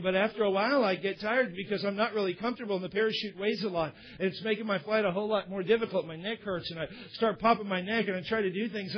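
Male preacher, high-pitched and husky, tells illustrations in a chatty, candid sermon; dull lo-fi sound. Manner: candid, conversational asides to the congregation. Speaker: pastor. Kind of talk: sermon with storytelling. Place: church service. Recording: dull lo-fi recording.

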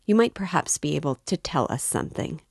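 A woman's voice: sits low, expressive, unhurried, darkish tone, no room sound, clean studio sound. A woman reading an audiobook voices an affable, prying older male magistrate who talks with excessive politeness. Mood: amiable probing. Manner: overly polite, familiar, insinuating.

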